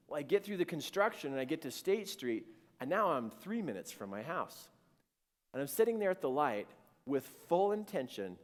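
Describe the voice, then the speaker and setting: Man, earnest dramatic storyteller, very animated intonation, long hall reverb. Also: a little high, normal speed. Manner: earnest, dramatic, with quoted inner dialogue. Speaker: speaker sharing a personal story. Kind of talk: personal testimony storytelling.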